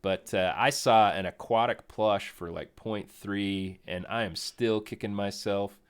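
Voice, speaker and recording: Low-voiced man rambling on a stream. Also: steady tone, measured pace, clear, resonant tone. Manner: rambling, self-correcting, chuckles often. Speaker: co-host of a crypto game stream. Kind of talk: casual live-stream chat.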